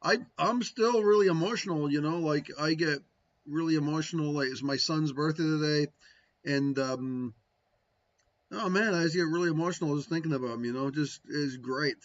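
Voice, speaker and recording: A man's voice: on the high side, moderate pace, dull audio. A man talking casually to his viewers about spiritual practice, rambling and tagging his points with "right?". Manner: rambling, frequent "right?" tags, musing. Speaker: spiritual teacher answering viewers. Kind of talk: casual livestream talk.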